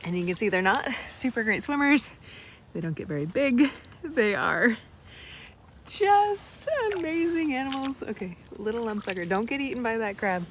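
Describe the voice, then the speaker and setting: A woman giving live-streamed commentary on a night beach walk, bubbly and excitable as she points out sea creatures outdoors. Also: on the high side, normal speed, slight background noise. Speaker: naturalist guide on a live stream.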